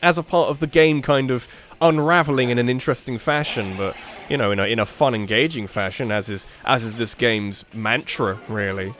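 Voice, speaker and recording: A man's voice: mid-range voice, brisk, fairly bright tone, faint music behind. A man rambling through gameplay commentary, thinking aloud and giving opinions. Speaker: let's play commentator.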